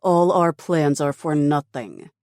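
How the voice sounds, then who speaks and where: A ruthless male commander, voiced by an audiobook narrator, delivering threats in a slow, dark, dry tone. He stays calm and cold and never needs to raise his voice. The cruelty sits in the quiet, dismissive way he talks. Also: mid-range voice, dry recording. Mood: menacing.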